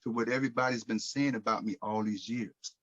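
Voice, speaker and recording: Lively storytelling man, lo-fi sound. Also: on the low side, brisk. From United States. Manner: animated, acts out quoted dialogue. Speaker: podcast guest. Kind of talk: casual storytelling.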